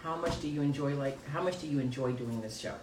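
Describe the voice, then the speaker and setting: Low-pitched and fast-talking, a middle-aged woman hosts a relaxed live call-in show, laughing frequently as she reads out viewer comments. The sound is roomy and distant, with a faint background hum of noise.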